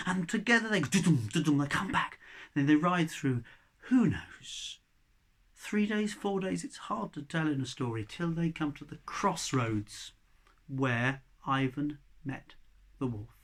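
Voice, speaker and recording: A male storyteller telling a folk tale aloud, swinging between loud passages and hushed whispers. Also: on the high side, animated, takes it slowly.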